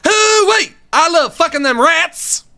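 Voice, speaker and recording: A man's voice: very high-pitched, lively intonation, measured pace, bright, forceful tone, voice pushed up, exaggerated voice. A man putting on a rowdy whooping hick. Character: loud crude hick-voiced man, rowdy and boastful.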